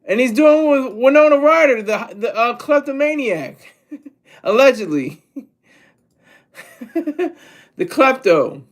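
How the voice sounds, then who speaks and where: A man's voice: very high voice, lively intonation, slow pace, long pauses. A man from Delaware giving rambling, jokey solo commentary, often cutting himself off mid-word. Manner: rambling, jokey, self-interrupting. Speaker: vlogger.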